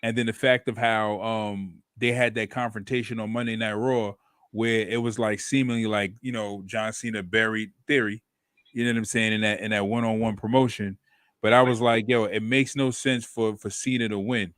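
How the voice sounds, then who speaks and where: A man's voice: lowish voice, flat delivery, normal speed, fairly bright tone, smooth, no room sound, studio quality. A man co-hosting a casual wrestling chat, rambling with "yo" and "like" fillers. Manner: rambling, fills with "yo" and "like". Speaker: podcast co-host.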